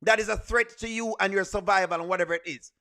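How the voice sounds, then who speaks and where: A man's voice: high voice, steady tone, fast talker, very noisy. A man hosting a reaction video, scolding emphatically and repeating his points. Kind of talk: reaction commentary.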